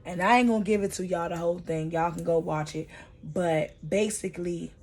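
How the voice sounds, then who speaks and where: A woman casually recapping TV episodes for her vlog, chatty and slangy with plenty of profanity, her pace and loudness often shifting. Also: fairly low pitch, fairly even intonation, fairly quick. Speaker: vlogger reviewing a TV series.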